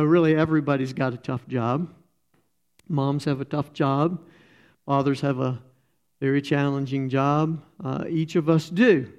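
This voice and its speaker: A middle-aged man giving an informal sermon as a church speaker, talking in a halting, conversational way and often getting emotional. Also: fairly high pitch, gravelly, a little mellow, clean tone.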